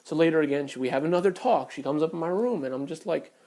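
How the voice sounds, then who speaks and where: A man's voice: fairly high pitch, fast, darkish tone. A man telling a personal story on camera in a blunt, profane, heated way. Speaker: vlogger. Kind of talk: casual storytelling rant.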